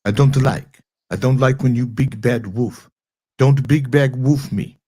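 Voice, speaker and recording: A man's voice: mid-range voice, fairly even intonation, a little slow, mellow, breathy edge. Man putting on a mock-Russian accent, blustering strongman, broken English, comic threats. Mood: taunting. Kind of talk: comedic impression skit.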